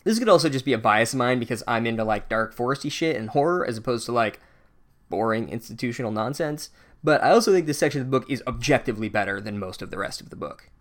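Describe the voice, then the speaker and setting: A man's voice: mid-range voice, animated, quick pace, a bit bright. A man runs a casual, comedic book recap in an ordinary mid-range voice. He rambles and swears freely. His running commentary is dry and sarcastic. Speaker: podcast host recapping a book.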